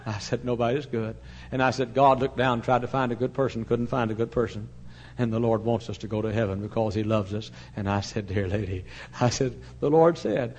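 Preaching a sermon, an older man tells an animated story, voicing both sides of a conversation and laughing now and then as he goes. His voice is medium-pitched, a little fast and slightly rough.

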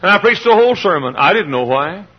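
A man's voice: high-pitched, very animated, quick pace, breathy edge, dull audio. A man preaching a sermon with passion, hollering, pounding the pulpit and mimicking voices.

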